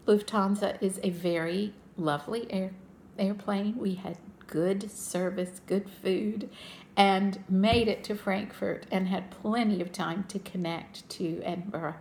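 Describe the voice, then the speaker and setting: A woman's voice: mid-range voice, steady tone, unhurried, gravelly, darkish tone, slight background noise. An older woman chatting to her viewers as a cross-stitch vlogger, telling a travel story in a friendly, talkative way.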